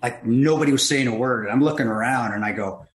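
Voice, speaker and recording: A man, a guest, telling his injury story in casual chat, laughing and animated. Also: mid-range voice, fast talker. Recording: roomy echo.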